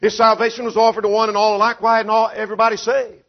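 A man's voice: high voice, completely flat delivery, quick pace. A man preaching an expository sermon, emphatic and driven by rhetorical questions, acting out the quoted voices. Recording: dull lo-fi sound.

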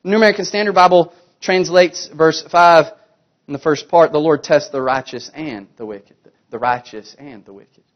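A man with a high voice preaches a sermon, pressing his listeners with rhetorical questions. He swings from emphatic, louder passages down to hushed, low ones. The recording sounds dull and lo-fi. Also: normal speed.

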